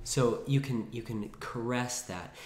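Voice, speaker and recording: Speaking at a measured pace and medium pitch, a man teaches a casual piano lesson, chatting, thinking aloud with frequent restarts, and singing phrases between his words as he demonstrates. He's in a room with a piano; the sound carries a roomy echo, and piano plays between phrases.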